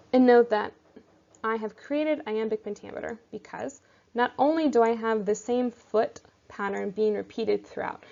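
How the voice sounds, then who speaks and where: A woman teacher giving a recorded lecture, explaining step by step in a clear, methodical way. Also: on the high side, warm tone. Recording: slightly dull lo-fi audio.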